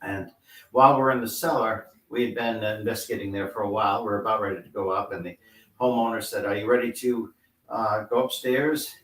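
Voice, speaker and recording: A man who investigates hauntings, telling a story in casual chat with steady "uh" pauses. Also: lowish voice. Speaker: paranormal investigator. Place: living room at a live party. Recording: echoey room, mic far off.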